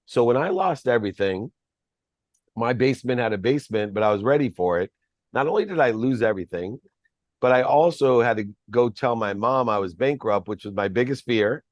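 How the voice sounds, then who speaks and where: A man's voice: mid-range voice, expressive, brisk, no room sound. A man, a podcast guest, telling a personal story in an earnest, reflective way.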